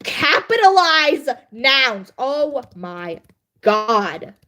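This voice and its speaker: A young woman's high voice is very animated, bright, and forceful, with drawn-out words. Livestreaming as she edits her writing, she chats casually and laughs at herself a lot.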